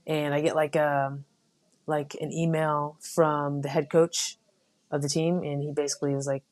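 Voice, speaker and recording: A young adult woman from the United States, a Marine officer guest, telling stories in a relaxed, casual way with many fillers. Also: low voice, moderate pace. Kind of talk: casual interview.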